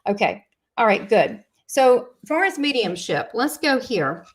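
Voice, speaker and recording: A woman's voice: a little high, sing-song, measured pace. A woman with a Southern US accent hosting a live spiritual show, chatting in a gushing, rambling way with many asides. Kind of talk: casual live-stream chat.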